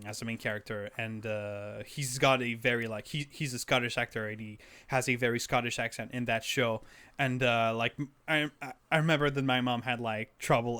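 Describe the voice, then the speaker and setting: A man's voice: mid-range voice, sharp tone, clean tone. A man co-hosting a podcast, rambling casually with lots of fillers and chuckles. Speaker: podcast co-host. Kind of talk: casual chat.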